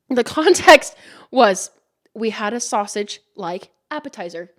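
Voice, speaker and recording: A woman's voice: fairly high pitch, a bit bright. A young woman hosting a podcast, telling stories in a casual chat, swearing and laughing often. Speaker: podcast host.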